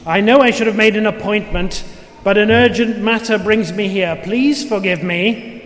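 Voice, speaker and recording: A man voicing a giant, imposing male frog who speaks slowly, formally and courteously, in a room with a long echo. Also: high voice, fairly bright tone. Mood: calm, grave. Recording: roomy with long reverb, faint noise.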